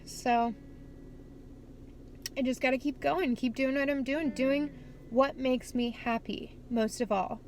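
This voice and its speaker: A young woman vlogging in candid, casual chat. She swears freely and talks outdoors at a skate spot. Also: on the high side.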